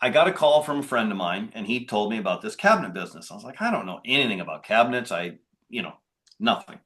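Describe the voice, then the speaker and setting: A man's voice: fairly low pitch, lively intonation, quick pace, a bit bright. A man being interviewed as a guest. He talks in a conversational, rambling way and often restarts his sentences. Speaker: podcast guest, business owner. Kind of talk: casual interview talk.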